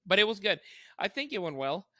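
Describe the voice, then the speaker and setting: A young man, a stand-up comedian and podcast co-host, telling animated stories with lots of swearing and acted-out quotes. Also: high-pitched, brisk, no room sound. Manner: animated, acts out quotes, swears often, laughs while telling. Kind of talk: casual storytelling chat.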